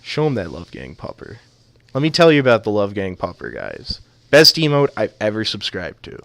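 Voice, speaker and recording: A man's voice: on the low side, huge pitch swings, moderate pace, vocal fry, a bit bright, no room sound. A man casting a video game match live, trading playful jokes with his co-caster. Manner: joking, playful banter. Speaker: esports caster.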